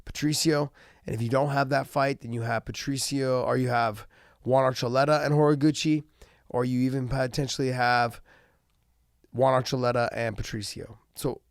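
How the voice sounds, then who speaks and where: A man's voice: mid-range voice, steady tone, moderate pace, gravelly, no room sound, studio quality. A man hosting casual fight commentary, talking loosely with many restarts and fillers, jet lagged and tired. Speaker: host of fight analysis show.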